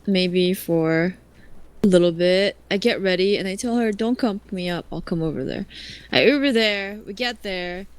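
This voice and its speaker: A woman streamer chatting casually and telling an animated story, swearing freely and acting out other people's lines. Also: mid-range voice, moderate pace, clear, resonant tone.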